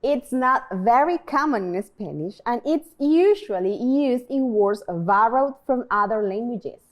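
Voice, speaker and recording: A woman teaching a beginners' language lesson, speaking in a clear, drawn-out way and pausing for her listeners to repeat. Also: a little high, lively intonation, lo-fi sound. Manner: clear, drawn-out enunciation with pauses for repetition. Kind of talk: slow, deliberate language lesson narration.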